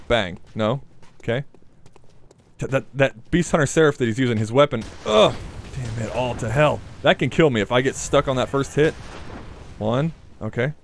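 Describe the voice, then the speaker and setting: Lively playful male gameplay commentator. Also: fairly high pitch, slight background noise. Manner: playful, talks to enemies, swears casually. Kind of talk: let's play commentary.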